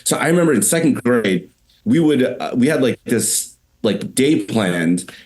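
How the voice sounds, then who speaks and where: A man's voice: mid-range voice, big pitch swings, a little slow, a little mellow. A young man, a podcast guest, telling childhood stories in casual chat, full of "like" and restarts. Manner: rambling storyteller, lots of "like". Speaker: podcast guest, company founder.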